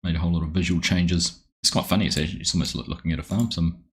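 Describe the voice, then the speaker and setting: A man's voice: deep voice, fairly even intonation, very fast. A man with a New Zealand accent hosting a live game stream, chatting casually and greeting viewers by name.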